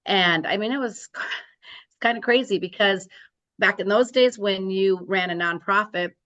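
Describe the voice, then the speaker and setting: A woman's voice: medium pitch, a little slow, fairly bright tone, dull audio. A woman in her sixties, a real estate broker, telling her story in an interview and acting out quoted dialogue.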